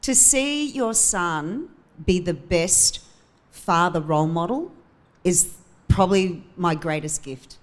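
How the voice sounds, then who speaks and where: An older woman with an Australian accent speaks candidly to a live podcast host. Her voice is low for a woman, and she talks openly and with feeling. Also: slow. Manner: warm, candid, emotional. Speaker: guest.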